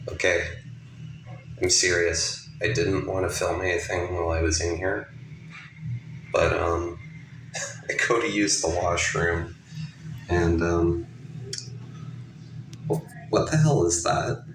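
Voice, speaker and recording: A man's voice: low voice, steady tone, takes it slowly, pauses often, noisy background. A man narrating his vlog casually, laid-back and wandering, with frequent "uh"s. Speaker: vlogger.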